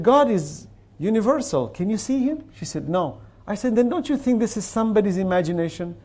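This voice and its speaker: A man giving a religious lecture, telling stories with lively acted-out dialogue and reciting scripture in Arabic. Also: high voice. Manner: animated storytelling, acts out quoted exchanges. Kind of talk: sermon.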